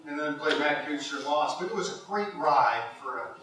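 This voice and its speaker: A middle-aged man from Cincinnati, Ohio, is being inducted into a golf hall of fame and tells his stories animatedly, laughing often. His voice is on the high side and fairly quick. The recording has background noise, an echoey hall, and a distant mic.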